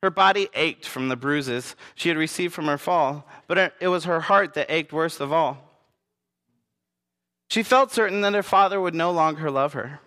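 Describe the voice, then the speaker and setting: A man narrates a story aloud, earnest and gentle, at times turning to his listeners. His voice sits a little high for a man, and a long reverb rings after it. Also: normal speed.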